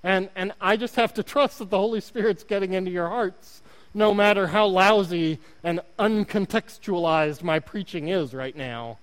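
High-voiced Oklahoma preacher in a reverberant church. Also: male voice, normal speed, a bit bright, smooth. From Oklahoma, United States. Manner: earnest, self-deprecating, repeats words when emphasizing. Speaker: guest preacher. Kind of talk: sermon. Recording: long hall reverb.

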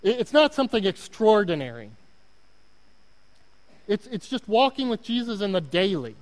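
With a high voice, lively intonation and a fairly quick pace, an Oklahoma man delivers a sermon as a visiting pastor. He's earnest and pokes fun at himself, repeating words to drive points home. The church setting gives a long hall reverb.

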